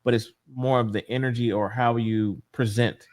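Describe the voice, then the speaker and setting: A man's voice: mid-range voice, fairly even intonation, normal speed, a little mellow. A man hosting an interview, recapping the guest's points with restarts and short backchannels. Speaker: podcast host. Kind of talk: interview host.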